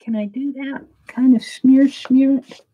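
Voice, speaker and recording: Chatty high-voiced Midwestern woman crafting. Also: fairly even intonation, measured pace, warm tone, lo-fi sound. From American Midwest. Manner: chatty, rambling, laughs often while working. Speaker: art streamer. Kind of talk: casual crafting livestream chat.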